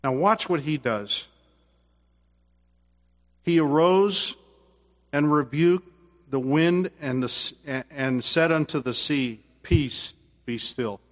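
A man preaching a sermon as pastor, earnest, swinging from loud bursts to hushed quiet, then leading a closing prayer. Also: a little high, slow, pauses often, big-room sound.

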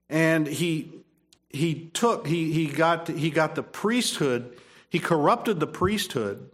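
Emphatic preacher man, slightly high voice. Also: fairly bright tone. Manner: emphatic, repeats phrases, frequent restarts. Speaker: pastor. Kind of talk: sermon.

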